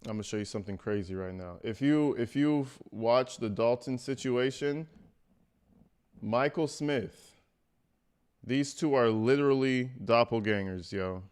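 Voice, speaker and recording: A man talking over a clip on a live stream, mocking what he hears. His speech is blunt and crude, and his pitch sits in an ordinary middle range. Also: unhurried, darkish tone, clean tone. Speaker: streamer reacting to a video. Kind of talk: casual live reaction commentary.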